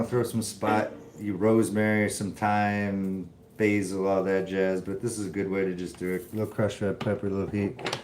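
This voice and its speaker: A relaxed American man talks his way through a live cooking stream, chatting loosely with viewers between tasks. His voice bounces around a roomy home kitchen. Music plays clearly in the background the whole time. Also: medium pitch. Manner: laid-back, rambling, talks to viewers while cooking. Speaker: livestream host cooking. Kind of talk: casual rambling live-stream chat. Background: blues or country music playing.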